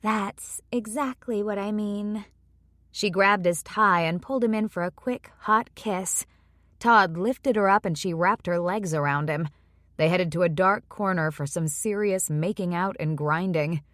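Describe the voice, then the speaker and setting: A woman narrating a first-person romance audiobook with an even storytelling delivery. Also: fairly low pitch, normal speed, no echo, clean studio sound.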